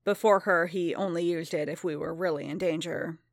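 A woman voicing a reserved male bounty hunter in a storybook reading, speaking softly and steadily. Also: lowish voice, fairly even intonation, brisk, creaky, no room sound, studio quality. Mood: quiet.

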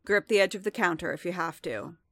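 A woman voicing a commanding male warrior in a storybook reading, low and rich, firm yet soft. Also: a little fast, no room sound. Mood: soft, praising.

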